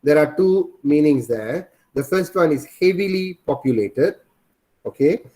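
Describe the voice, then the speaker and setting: A man's voice: on the high side, darkish tone. A man teaching an online class over a video call, repeating his points and quizzing the students.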